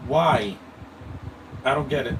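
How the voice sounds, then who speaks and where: A man's voice: mid-range voice, moderate pace, gravelly. A man giving live movie commentary, blunt and opinionated, rambling and stammering over his words. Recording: distant mic with air-conditioning hum.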